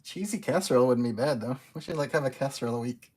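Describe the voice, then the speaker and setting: A man hosting a casual livestream while he cooks. He talks in a chatty, expressive way and laughs easily. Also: medium pitch, rapid-fire, breathy edge. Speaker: cook and livestream host. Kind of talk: casual live-stream chat while cooking.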